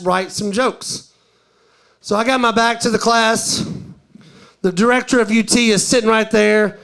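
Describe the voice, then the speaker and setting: A man's voice: sits high, a bit bright. A man doing live stand-up, telling a story in a drawling, conversational way and quoting other people. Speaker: stand-up comedian. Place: live comedy venue.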